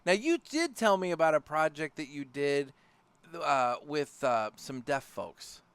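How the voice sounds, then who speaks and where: Lively-pitched man co-hosting a podcast. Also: measured pace, clear, resonant tone, no room sound. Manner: relaxed, rambling, with filler and restarts. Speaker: podcast co-host. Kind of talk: casual podcast chat. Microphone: studio podcast mic.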